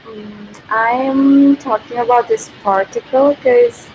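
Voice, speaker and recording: A woman's voice: a little high, very animated, slow. A woman with a Korean accent teaching her native language on a casual livestream. She giggles often and restarts and repeats her phrases. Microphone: built-in device mic, no external microphone. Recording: faint background noise, no proper mic.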